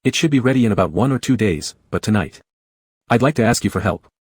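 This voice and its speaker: A man's voice: lowish voice, lively intonation, fast, husky, dry recording, clean studio sound. A man voicing a worried, protective young man in a comic story, speaking earnestly and reassuringly.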